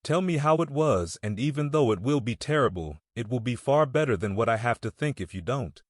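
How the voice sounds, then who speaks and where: A man's voice: mid-range voice, animated, brisk, no echo, studio quality, lightly acted. A man reading an audiobook, voicing a middle-aged grieving mother who pleads and sobs for the truth about her son's death. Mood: grieving, pleading. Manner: sobbing, pleading. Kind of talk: audiobook character voice.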